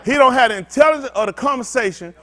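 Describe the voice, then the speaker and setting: A man preaching a sermon-style teaching with call-and-response. He talks bluntly, swinging between loud emphatic outbursts and low muttered asides. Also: fast. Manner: blunt, street-talking preacher. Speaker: pastor.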